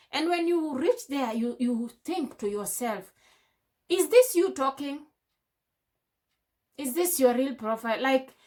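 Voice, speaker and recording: A young woman, a beauty vlogger, chatting with feeling and firing off rhetorical questions while she does her makeup at home. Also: high voice. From Africa. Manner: impassioned, full of rhetorical questions. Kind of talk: casual chat while doing makeup. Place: indoors at home.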